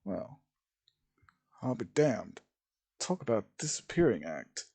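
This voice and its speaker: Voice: mid-range voice, very animated, slow pace, warm tone, husky, heavily acted. A scoffing skeptical warrior, read by a man. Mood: wry. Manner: scoffing, dismissive.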